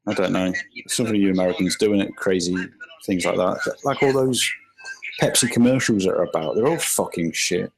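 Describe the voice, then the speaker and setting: A man's voice: low voice, brisk, vocal fry, a crowd in the background, poor audio. A British man as a podcast guest, teasing and sarcastic in casual banter and swearing a lot.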